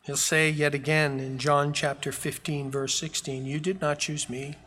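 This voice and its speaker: A man's voice: on the high side, flat delivery, moderate pace, fairly bright tone, a little hiss or hum. A man preaching a sermon as pastor, with emphatic, repeated phrases. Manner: preaching with rising fervor, emphatic repetition. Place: church sanctuary. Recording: long reverb of a large hall.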